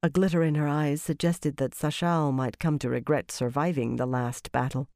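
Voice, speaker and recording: An audiobook narrator reading a fantasy novel in a measured, expressive way. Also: medium pitch, no echo, studio quality.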